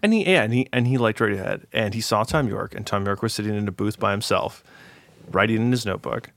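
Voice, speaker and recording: A man with a low, gravelly voice tells a long story in a relaxed podcast chat. He rambles, trails off and fills gaps with "um" and "like". The sound is dry and close. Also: fast, no echo. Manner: rambling, filler-heavy storytelling.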